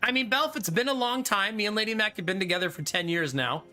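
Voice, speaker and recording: Over faint game music, a man in his thirties plays cards on a live stream, bantering casually with his chat and laughing often. He talks at a quick pace in a high-pitched, sharp-toned voice.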